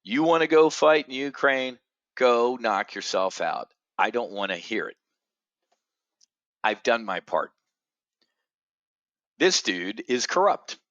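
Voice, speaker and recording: A middle-aged man rants as host of a trading show, profane and sarcastic, dropping to a mutter and then bursting out loud. His voice sits at an ordinary pitch. The sound is dry and slightly muffled, like a lo-fi recording. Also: big pitch swings, takes it slowly, pauses often, no room sound. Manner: blunt, profane, sarcastic, swings from muttering to shouting. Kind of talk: ranting monologue.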